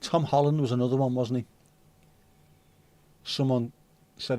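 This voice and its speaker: A man's voice: mid-range voice, steady tone, measured pace, long pauses, mellow, dry recording. A man hosting a livestream, chatting casually and rambling while reading out viewer comments, with the odd swear word. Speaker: livestream host.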